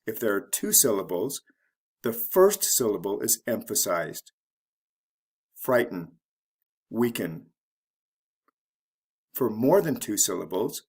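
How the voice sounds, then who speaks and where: A man teaching an English pronunciation lesson, spelling out word endings letter by letter in a measured, deliberate way. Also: mid-range voice, a little mellow, husky. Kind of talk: slow scripted grammar lesson.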